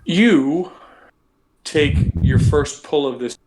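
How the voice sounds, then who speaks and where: A man's voice: on the high side, slow pace, darkish tone, low-quality recording. A man running a tabletop game over a video call, narrating in a casual way full of "like" fillers. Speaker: game master.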